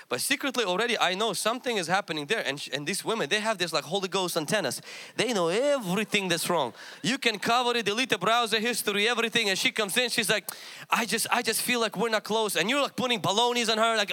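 A male pastor with a high, bright voice delivers a sermon. He mixes candid, self-mocking storytelling with fervent exhortation to the congregation. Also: fast.

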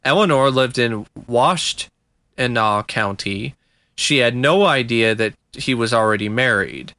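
Man, podcast co-host, bright and crisp voice, dry close mic, relaxed storytelling. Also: mid-range voice, unhurried, no echo. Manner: laid-back storytelling with fillers and laughs. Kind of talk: casual true-crime chat.

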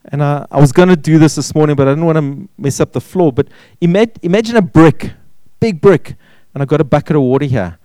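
A man preaches a sermon in a mellow, fairly high voice. He presses each point with repeated words and rhetorical questions. The sound is dry and close, with little room in it. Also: a little fast, hardly any pauses, no room sound, poor audio. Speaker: pastor.

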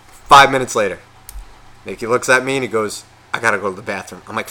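Man, podcast co-host, casual storytelling, profane, animated, bright tone. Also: medium pitch, fast, a little hiss or hum. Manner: profane, animated, acts out quotes.

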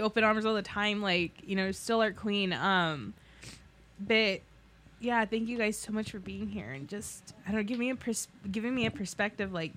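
A woman's voice: medium pitch, a bit bright, a little hiss or hum. Tearful young woman, voice breaking. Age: 20s. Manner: tearful, laughing, halting, many fillers. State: voice breaking from tears. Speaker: podcast co-host. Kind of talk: emotional casual chat.

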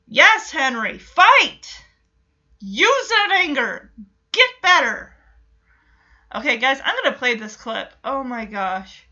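Woman, high bright voice, exasperated TV recap, talks to viewers, slightly dull sound. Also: sing-song, slow, long pauses. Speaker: reaction video host. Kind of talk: casual TV episode recap and reaction.

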